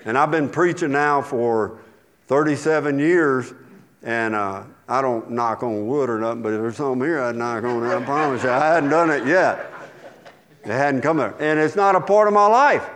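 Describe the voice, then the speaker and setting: A man's voice: mid-range voice, moderate pace, fairly bright tone. A man in his sixties, a pastor delivering a sermon with folksy, conversational storytelling.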